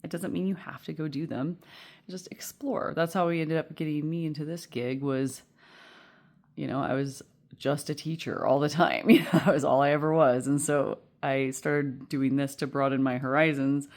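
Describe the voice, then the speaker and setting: A woman's voice: sits low, fairly even intonation, moderate pace, a little mellow. A woman giving a casual pick-a-card tarot reading, rambling and chatty with many fillers and frequent laughter.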